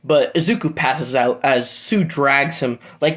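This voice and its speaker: A man's voice: mid-range voice, unhurried, fairly bright tone. A young man casually improvising a fan-fiction story, rambling with lots of fillers and swearing.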